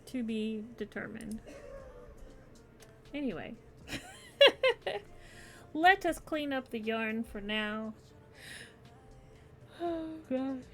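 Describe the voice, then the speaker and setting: A woman's voice: a little high, very animated, extremely slow, pauses often, fairly bright tone. A woman streamer chatting casually with her viewers while crocheting, giggling often and yawning near the end of her stream.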